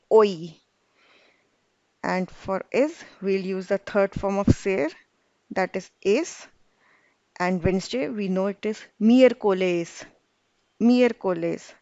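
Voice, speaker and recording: A woman teaching a beginner language lesson, saying each word slowly and repeating it for the learner. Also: mid-range voice, no room sound, dull audio. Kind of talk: slow scripted language lesson.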